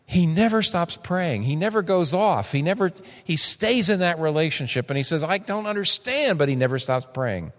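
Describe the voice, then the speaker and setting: Older male pastor, 60s, lively expressive sermon delivery, long hall reverb. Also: normal speed, hardly any pauses. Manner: animated, acts out quoted voices with big pitch jumps.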